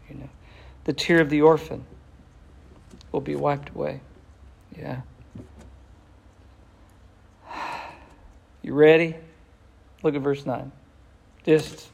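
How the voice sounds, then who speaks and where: Man, sermon, gravelly, slightly high voice, impassioned, slows for emphasis. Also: little pitch movement, a little mellow. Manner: impassioned, slows down for emphasis, drops to near whisper. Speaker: preacher.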